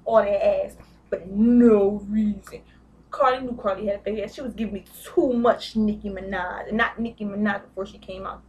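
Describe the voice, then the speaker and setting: A woman's voice: medium pitch, darkish tone, recorded from a distance. A young woman vlogging a casual, gossipy recap of a reality show, blunt and profane.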